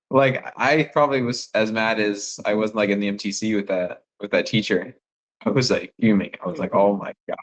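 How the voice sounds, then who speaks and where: Excitable young man telling stories. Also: lowish voice, moderate pace, low-quality recording. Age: young adult. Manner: excitable, rambling storytelling with many fillers. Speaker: missionary calling home. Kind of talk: casual phone chat with family.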